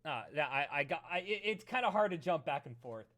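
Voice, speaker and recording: A man chatting casually and reading a webcomic aloud, often bursting into loud theatrical readings. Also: on the high side, expressive, brisk, crowd noise. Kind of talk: casual chat and comic read-along.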